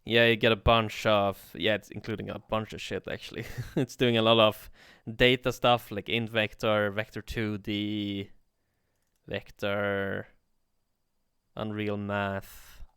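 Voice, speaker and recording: A man teaching coding on a livestream in a relaxed way, thinking aloud and swearing casually. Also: fairly low pitch, slow pace, clean tone, no echo, clean studio sound. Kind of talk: casual live coding tutorial.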